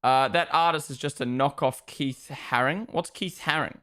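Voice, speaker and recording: A man's voice: on the high side, normal speed, clear, resonant tone. A young man hosting a live race watchalong, chatting casually, reading chat and swearing bluntly. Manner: blunt and animated, swears freely.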